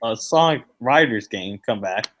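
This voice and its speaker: A man on a casual gaming podcast, excitable and quick to protest loudly. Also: fairly low pitch. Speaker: podcast co-host. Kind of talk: casual group chat.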